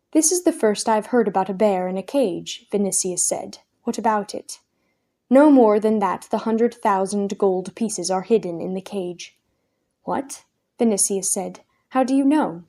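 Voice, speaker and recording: Mellow-voiced woman reading a storybook. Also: medium pitch. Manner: expressive, raises her voice for characters' lines. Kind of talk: reading a children's chapter book aloud.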